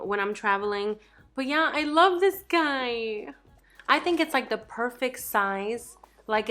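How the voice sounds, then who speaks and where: A woman's voice: medium pitch, bright, forceful tone. A young woman chatting casually in a beauty vlog, bubbly and rambling, joking about herself. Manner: bubbly, rambling, self-deprecating with laughs. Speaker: beauty YouTuber.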